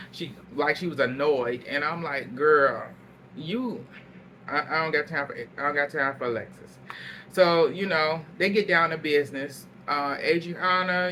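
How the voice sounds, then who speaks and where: A man's voice: fairly high pitch, a little hiss or hum. A man casually recapping a reality show episode, telling it as gossip with lots of laughter and salty language. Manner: animated storytelling, laughs a lot, salty language.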